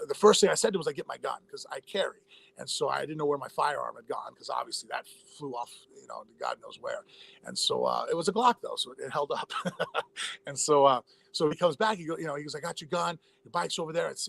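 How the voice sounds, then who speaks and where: Fast-talking gravelly man. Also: mid-range voice, fairly bright tone. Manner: rapid, rambling, many fillers and restarts. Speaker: interview guest, former fighter. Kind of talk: casual storytelling interview.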